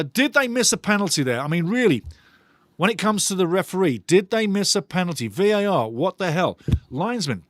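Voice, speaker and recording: A man's voice: fairly high pitch, no room sound, clean studio sound. A man hosting a live football watchalong, talking passionately and ranting about refereeing calls in a chatty way. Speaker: watchalong host.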